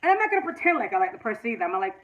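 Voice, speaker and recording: A woman's voice: fairly high pitch, big pitch swings, racing, lo-fi sound. A middle-aged woman hosting a casual livestream, earnestly giving relationship advice straight to her viewers. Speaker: livestream host.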